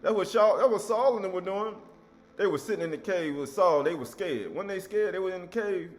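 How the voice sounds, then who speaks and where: A man's voice: high voice, animated, a little fast. A man teaching scripture in an emphatic, conversational way, acting out the voices of people he quotes. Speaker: preacher.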